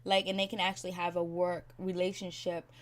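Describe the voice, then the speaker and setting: A woman's voice: fairly low pitch, level tone, fairly quick. Chatty, slangy woman recapping a show. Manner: chatty and opinionated, slangy, many "like"s. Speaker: reality TV recap vlogger. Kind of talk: casual episode recap.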